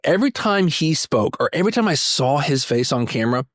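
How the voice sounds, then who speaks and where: A man co-hosting a casual movie review podcast, animated and given to sudden comic impressions. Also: brisk, no room sound, studio quality. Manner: animated, jumps into high-pitched impressions. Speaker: podcast co-host.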